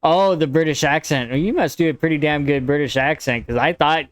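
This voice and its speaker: A man's voice: on the high side, brisk, clear, resonant tone, no room sound. An American man streaming his writing, reading his draft aloud, correcting his wording as he goes, and chatting with viewers in a rambling way. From United States. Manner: rambling and conversational. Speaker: streamer and writer.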